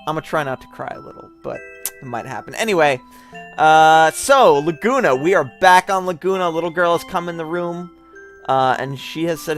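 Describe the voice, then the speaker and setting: A man's voice: fairly high pitch, moderate pace, a bit bright. A tipsy man hosts a let's play in casual commentary, rambling and tossing in joking asides. His close mic pops now and then, and faint game music plays behind him. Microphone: close mic with popping.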